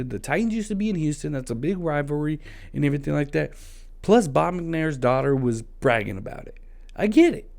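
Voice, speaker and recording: A man's voice: medium pitch, gravelly, a little mellow. A man delivering a passionate, frustrated solo opinion rant as a sports vlogger, hammering his points with repetition.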